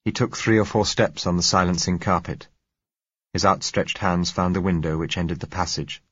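A man narrating a novel in a measured, composed way, his voice low and husky. The recording is dry and close, with a slightly dull, muffled top end. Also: steady tone, a bit bright, no echo. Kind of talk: scripted audiobook narration.

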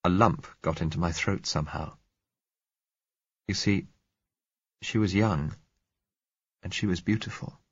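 A man narrating a novel in the first person, measured and reflective. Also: sits low, slightly rough, dry recording, muffled recording.

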